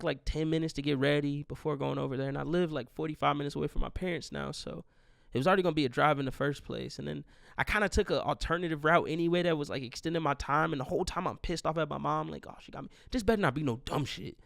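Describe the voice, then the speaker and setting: A man's voice: fairly high pitch, vocal fry, no room sound, clean studio sound. A man in his twenties hosting a podcast, telling a rambling, profane, grieving story in a casual monologue. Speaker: podcast host.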